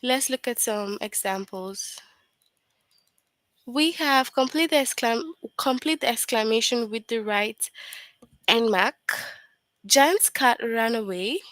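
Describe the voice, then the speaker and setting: A woman's voice: a little high, slow, long pauses, a bit bright, no echo, rough recording. A woman teaching an online grammar lesson to young children, patient and repetitive, often checking in with questions.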